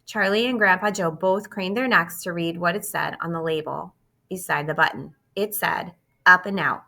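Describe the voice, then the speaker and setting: A woman narrating a children's storybook in an expressive, steady reading voice. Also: on the low side, moderate pace, vocal fry. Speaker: audiobook reader.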